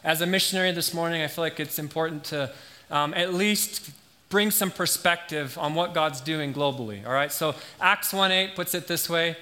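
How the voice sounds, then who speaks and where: Male missionary preacher, relaxed and joking, with a bright, slightly high voice. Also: moderate pace. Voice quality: friendly, self-deprecating banter with the congregation. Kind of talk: casual, joking sermon. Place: church sanctuary.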